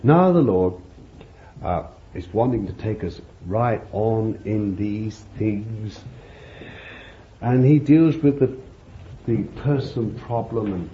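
Lively folksy preacher, muffled recording. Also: male voice, on the low side, takes it slowly. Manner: folksy, conversational preaching with many "you see" asides. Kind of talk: sermon. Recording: muffled lo-fi recording with faint hiss.

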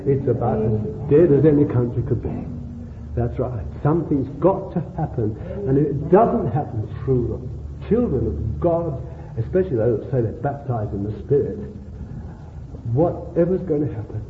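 A man's voice: medium pitch, moderate pace, background noise. Fervent preacher man on an echoey tape. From England. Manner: pleading, rhetorical questions, rising to fervent exhortation. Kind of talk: sermon. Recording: echoey, phone-like old sermon tape.

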